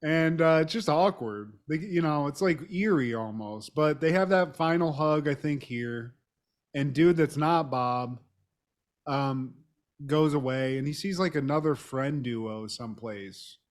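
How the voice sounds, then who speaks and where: A man's voice: on the high side, a little slow. A man co-hosting a podcast, casually recapping a TV episode with frequent laughter. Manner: laughs often, addresses co-host by name. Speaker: podcast co-host.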